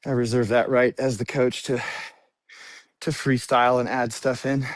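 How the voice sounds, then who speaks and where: A man's voice: mid-range voice, little pitch movement, normal speed, dry recording, clean studio sound. A man coaching a workout class, cueing moves and counting reps while exercising, at times out of breath. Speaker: fitness coach. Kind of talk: live workout instruction.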